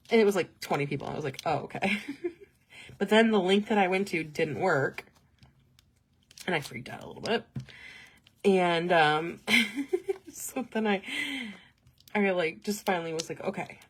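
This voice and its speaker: A woman's voice: medium pitch, slight background noise. Chatty young woman telling a story. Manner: chatty, animated storytelling with frequent laughs. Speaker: host. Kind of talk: casual chat on a livestream.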